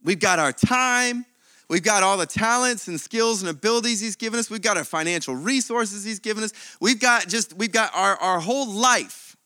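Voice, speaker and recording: Animated pastor with a bright, dry voice. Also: male voice, high-pitched, normal speed, no echo. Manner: animated, with sudden swings from loud to quiet. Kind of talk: sermon.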